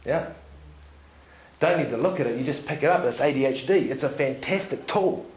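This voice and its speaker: A man giving a seminar talk to an audience, telling stories in an animated way, laughing often and checking in with "yeah?". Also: medium pitch, a little fast. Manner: animated storyteller, laughs often, tag questions. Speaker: seminar speaker. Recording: echoey room.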